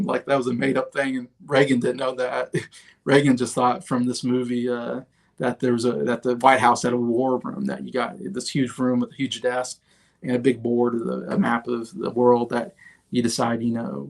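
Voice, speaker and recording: A man in his thirties talks through favorite films on a livestream in a loose, chatty way. He pauses on fillers and restarts his sentences often. His mid-range voice has a gravelly edge. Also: mid-range voice. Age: 30s. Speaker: host. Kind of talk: casual movie review livestream.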